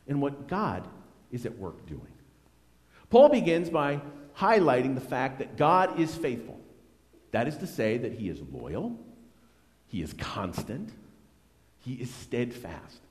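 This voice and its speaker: A man preaching a sermon as a pastor, earnest and conversational, with strong swings between loud and soft. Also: medium pitch, huge pitch swings, measured pace, pauses often, in a large hall.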